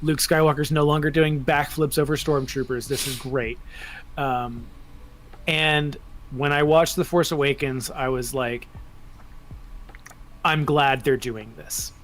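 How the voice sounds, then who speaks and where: A man co-hosts a casual fan podcast, talking in an animated, chatty way. His voice sits a little high for a man. A faint background noise runs under his speech. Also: a little slow. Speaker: podcast co-host.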